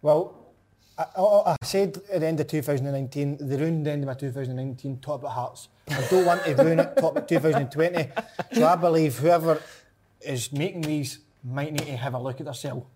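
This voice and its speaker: Ranting Scottish man, high voice. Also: fast talker. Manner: animated, ranting, laughing. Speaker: podcast guest pundit. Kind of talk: casual football chat.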